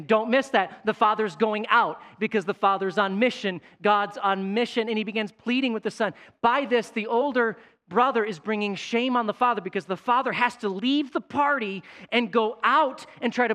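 High-voiced animated preaching man. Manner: animated preaching, shouts in quoted lines. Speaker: pastor. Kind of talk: sermon.

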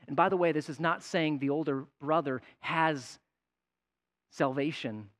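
High-voiced animated preaching man. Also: unhurried. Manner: animated preaching, shouts in quoted lines. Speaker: pastor. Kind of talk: sermon.

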